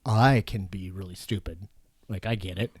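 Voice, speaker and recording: Profane, animated male podcast co-host. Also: sits low, normal speed, no room sound, clean studio sound. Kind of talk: casual chat.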